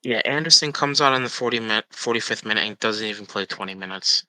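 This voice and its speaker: A man playing a game on stream, calmly talking through his moves. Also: fairly low pitch, quick pace, low-quality recording. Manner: calm, matter-of-fact, narrating his moves. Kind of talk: casual gaming chat.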